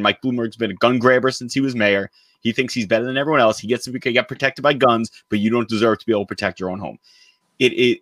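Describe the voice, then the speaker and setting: A male co-host who fires off his points quickly in a bright, tense voice. He sounds emphatic and indignant, with sarcastic asides. The sound is dry and close to the mic. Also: medium pitch, dry recording. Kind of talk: political talk show banter.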